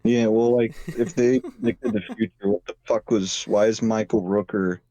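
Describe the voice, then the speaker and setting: A young man co-hosting a podcast in casual chat, crude and joking with deadpan exaggeration, talking into a phone. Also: fairly low pitch, normal speed. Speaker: podcast co-host. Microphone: phone, on mobile without camera.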